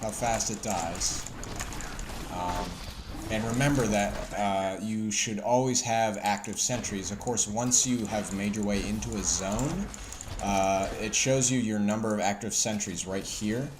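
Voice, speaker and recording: A man's voice: lowish voice, a little slow. Laid-back man narrating gameplay, faint hum. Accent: Southern US. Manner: loose, profane, filler-heavy. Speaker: gameplay video host. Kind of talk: casual gameplay commentary.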